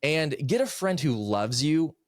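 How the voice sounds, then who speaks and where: A man's voice: a little high, expressive, unhurried, no room sound, clean studio sound. A man in his thirties, a podcast guest and author, earnestly telling a personal story in casual conversation. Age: 30s.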